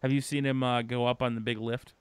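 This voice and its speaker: A man's voice: medium pitch, level tone, fairly quick, background noise. A man hosting a casual wrestling call-in show, rambling through recaps with many fillers and frequent swearing.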